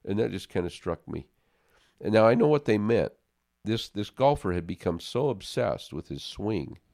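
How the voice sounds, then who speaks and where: A man's voice: deep voice, dark tone, smooth, no echo, studio quality. A man in a casual faith discussion, telling a personal story in an earnest way and often repeating words as he starts a sentence.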